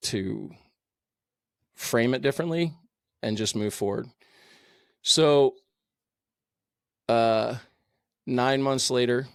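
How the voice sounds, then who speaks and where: A middle-aged man with a rough, fry-laden voice that sits on the low side tells his own story as a podcast guest. He speaks bluntly and swears freely, with lots of "uh"s along the way. The sound is dry, with no room around it. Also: no room sound. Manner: blunt, profane, filler-heavy. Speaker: podcast guest, firefighter captain. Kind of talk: candid personal storytelling.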